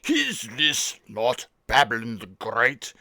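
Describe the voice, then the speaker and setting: A man's voice: mid-range voice, huge pitch swings, slow, sharp tone, no echo, studio quality, voice pushed down, heavily acted. A man putting on the voice of a pompous, boastful ancient king who stretches his words grandly.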